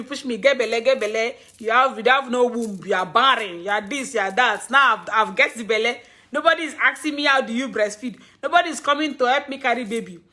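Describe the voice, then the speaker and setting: A young woman with a Nigerian accent talks casually to her live-stream viewers. Her voice sits high, and she rambles from point to point. She laughs often and breaks off to scold her audience. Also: pushed and bright.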